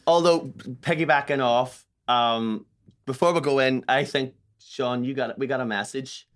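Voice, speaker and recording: An Irish man co-hosting a comedy podcast in casual, animated banter, laughing often. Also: medium pitch. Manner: animated, quick back-and-forth, laughs often. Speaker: podcast co-host.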